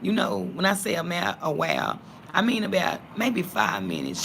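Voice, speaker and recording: Gravelly woman vlogger, blunt and fiery. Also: lowish voice, moderate pace, background noise. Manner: blunt and fiery, cursing, swinging between calm and heated. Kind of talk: casual talk to viewers.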